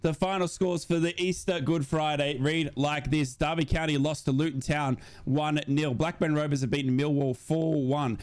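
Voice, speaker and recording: A man hosts a live football watch-along stream. His voice sits a little high. He calls the play for his chat and reads out the scores in a steady voice. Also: moderate pace, hardly any pauses. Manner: excitable, shouting at big moments; steady score round-up reading. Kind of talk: live match commentary to chat.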